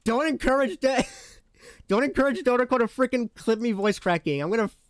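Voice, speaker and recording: Live streamer, casual chat, giggly, slangy, stammery repeats, very lively pitch, dry mic. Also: a little fast, no room sound. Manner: laughs often, slangy and playful, stammers on repeats.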